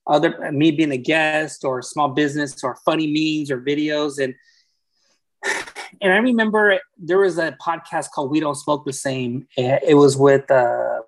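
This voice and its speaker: Higher-voiced podcast guest, candid and rambling. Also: male voice, moderate pace. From California. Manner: rambling, candid storytelling with profanity. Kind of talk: casual podcast chat.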